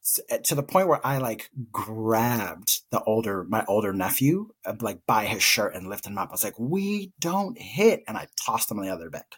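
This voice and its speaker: A man's voice: fairly low pitch, expressive, normal speed, few pauses, fairly bright tone, breathy edge. A man co-hosting a podcast, telling a personal story in an earnest, reflective way, openly emotional. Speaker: podcast co-host.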